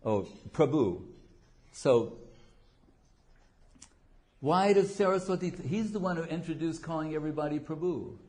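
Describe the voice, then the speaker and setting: A man's voice: on the high side, a little slow, pauses often, a little mellow. A man giving an informal devotional talk as a spiritual teacher, a digressive storyteller who jokes and acts out quotes. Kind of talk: informal devotional lecture with anecdotes.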